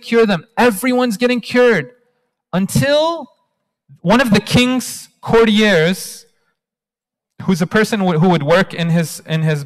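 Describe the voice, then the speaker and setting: A man in his thirties gives an animated storytelling talk as a guest speaker, engaging the audience, on a mic in a large hall. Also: high-pitched. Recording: long hall reverb.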